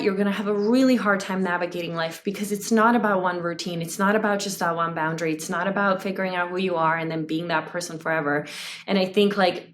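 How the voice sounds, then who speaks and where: A woman psychotherapist in her thirties, a guest in a conversational interview, talking in an animated way with lots of "like" fillers and frequent laughs. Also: medium pitch, a little hiss or hum.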